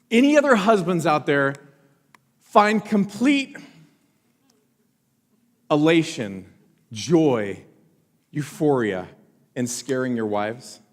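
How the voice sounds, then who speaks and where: A high-voiced male pastor preaching with lively, swinging delivery and playful self-mocking humor. His voice carries a long reverb from the church hall. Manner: animated storytelling, jokey and self-mocking. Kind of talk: sermon. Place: church auditorium.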